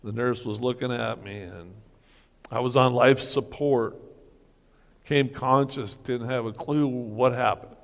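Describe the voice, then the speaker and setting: A middle-aged man giving an earnest personal testimony as a guest speaker, telling his story slowly. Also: medium pitch, steady tone, creaky, big-room sound. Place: church hall breakfast gathering.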